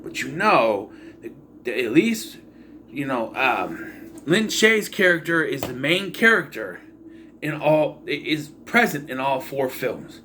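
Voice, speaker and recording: The speaker is a man whose slightly high voice is bright and forceful, with slight background noise present. A movie reviewer, he casually rambles through a horror film's plot, peppering his loose retelling with asides, fillers, and dry exasperation at its holes.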